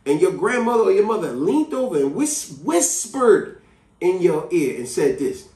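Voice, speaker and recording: A man vlogger tells a story in an emphatic, chatty way. His voice rises and falls with feeling and sits a little high for a man. The sound is roomy and distant. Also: normal speed. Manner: animated, emphatic, conversational. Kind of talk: storytelling to camera. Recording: echoey room, distant mic.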